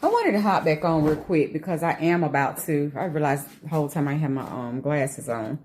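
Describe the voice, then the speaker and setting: Woman vlogger, casual home talk, emphatic rants, very expressive pitch. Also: brisk, background noise. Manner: animated, emphatic, ranting then laughing.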